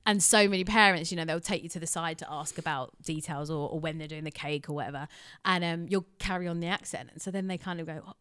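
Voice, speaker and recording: A woman, chatting as a podcast guest, animated and quick to laugh. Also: low-pitched, clean tone, dry recording, clean studio sound. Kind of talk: casual chat. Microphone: podcast microphone.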